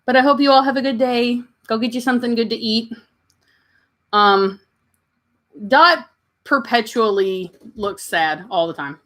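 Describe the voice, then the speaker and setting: Southern woman with a higher voice. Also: measured pace, pauses often. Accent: Southern US (Kentucky). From Kentucky, USA. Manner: chatty, answers chat comments warmly, coos at her pets. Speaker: livestream host. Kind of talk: casual livestream chat.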